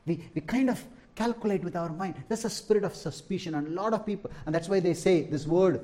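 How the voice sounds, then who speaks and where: A man's voice: high-pitched, fairly quick, few pauses, warm tone. A middle-aged man, preaching a sermon as pastor, stressing and repeating key lines and asking the congregation for an "Amen?".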